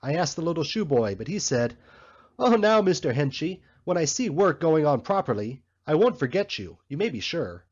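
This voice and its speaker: A man voicing a bustling, grumbling male election canvasser in a storybook reading, with a husky, slightly muffled sound. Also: fairly high pitch, sing-song, pitched above the performer's own voice. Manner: brisk, grumbling, complaining.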